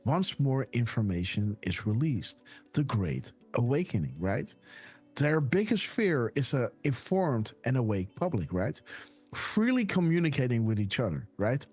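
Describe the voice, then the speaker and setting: Man, live show host, casual chat, lively swooping pitch, faint music behind. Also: measured pace, husky. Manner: animated, peppers sentences with "right?" and "guys"; excited whoops and laughs. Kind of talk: casual livestream commentary.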